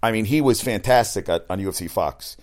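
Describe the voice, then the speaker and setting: A man's voice: on the low side, a little fast. A middle-aged man hosting a sports talk show, talking casually and bluntly, with frequent asides and swearing. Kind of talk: casual sports radio monologue.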